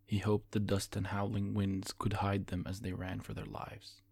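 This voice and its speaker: A man from Egypt, a fantasy author, reading his own novel aloud in steady, measured narration. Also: lowish voice, vocal fry, slightly rough.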